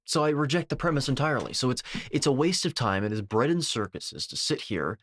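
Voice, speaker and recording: A man's voice: mid-range voice, expressive, fairly quick, fairly bright tone. A man giving a dismissive, combative reaction commentary, packed with technical jargon and occasional swearing.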